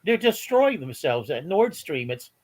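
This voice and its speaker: A man chatting on a political podcast, halting and incredulous as he talks. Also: on the high side, big pitch swings. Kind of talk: casual political chat.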